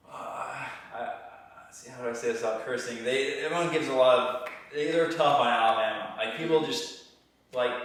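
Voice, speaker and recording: A man's voice: medium pitch, a bit bright, heavy reverb, distant mic, poor audio. A young man from Georgia with a mostly standard American accent, chatting as a podcast guest in loose, restarting sentences full of "like". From Georgia, United States. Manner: talks in loose restarts with many "like"s. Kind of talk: casual interview conversation.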